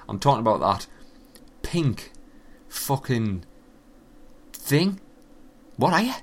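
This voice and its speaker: A man giving a casual, animated and profane running commentary on video games. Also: on the low side. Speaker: gaming commentator.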